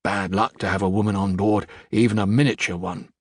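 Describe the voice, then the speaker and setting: A man voicing a gruff, superstitious old male sailor who snarls his warnings low. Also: unhurried, no room sound, studio quality. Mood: grumbling.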